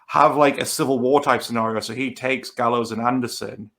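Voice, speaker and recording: A man with a North East English accent, speaking at a middle pitch as he co-hosts a relaxed podcast. He works through his argument at length, often backing up to restart a phrase. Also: fairly quick. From North East England. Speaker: podcast co-host. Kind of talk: casual podcast chat.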